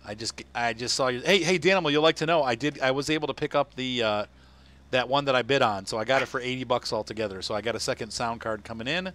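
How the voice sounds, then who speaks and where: A man's voice: medium pitch, fast talker, a bit bright. A man from Ohio chatting casually on a live game stream, rambling and laughing often. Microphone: headset.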